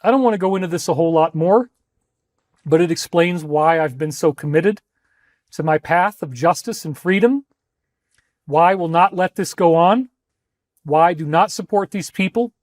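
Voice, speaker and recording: A man with a high voice speaks with fervent emphasis and often repeats a phrase to drive it home. He addresses his listeners directly, as if giving a talk. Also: moderate pace, long pauses, a little mellow, dry recording, studio quality. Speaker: speaker in archived clips. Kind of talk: impassioned talk to viewers.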